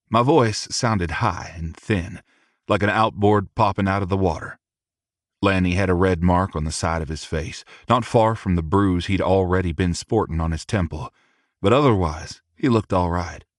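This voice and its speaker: A man narrating a first-person audiobook in a measured, steady reading. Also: low-pitched, dry recording, clean studio sound.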